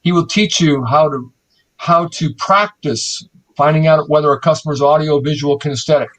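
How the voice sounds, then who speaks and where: A man's voice: on the high side, normal speed, rough recording. A man giving a live online presentation, telling stories with energy and acting out quotes. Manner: energetic, animated storytelling with acted-out quotes.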